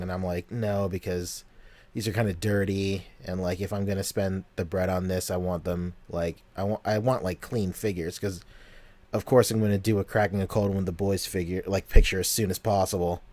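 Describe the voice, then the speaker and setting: A man's voice: low voice, steady tone, normal speed, darkish tone. A young man co-hosting a casual podcast, talking loosely with lots of slang and fillers. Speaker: podcast co-host.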